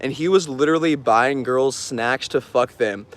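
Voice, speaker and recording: A man's voice: medium pitch, moderate pace, fairly bright tone. A man telling stories casually on a livestream, rambling with lots of fillers and frequent laughs. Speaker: artist streaming an auction.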